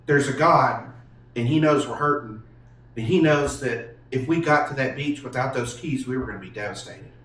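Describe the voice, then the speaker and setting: A man, earnestly telling a personal story with halting restarts. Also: mid-range voice, a bit bright. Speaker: podcast guest telling his testimony. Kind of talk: casual storytelling. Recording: echoey room, mic far off.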